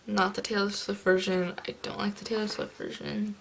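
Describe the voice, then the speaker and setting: A young woman from California with a groggy morning voice, chatting casually while she decorates a planner. She rambles with lots of fillers and drops into soft murmurs now and then. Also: medium pitch, little pitch movement, moderate pace, creaky, a little hiss or hum, low-quality recording. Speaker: planner vlogger.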